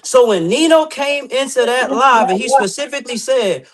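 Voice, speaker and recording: A man's voice: extremely high pitch, normal speed, few pauses, a bit bright. A man in casual podcast banter, boasting and trash-talking a rival. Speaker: guest competitor.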